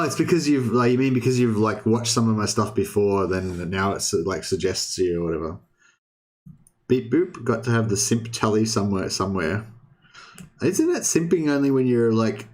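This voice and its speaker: This young streamer has a lowish, expressive voice and talks at a moderate pace. It's relaxed livestream chatter with his audience, wandering and full of restarted sentences and cursing.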